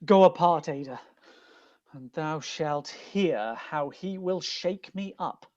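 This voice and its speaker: A woman voicing Orlando, an aggrieved young male gentleman, in an earnest, declamatory Shakespeare reading over a video call. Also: sits low, takes it slowly, lo-fi sound. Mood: defiant. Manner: earnest, declamatory verse speaking. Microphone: video call mic.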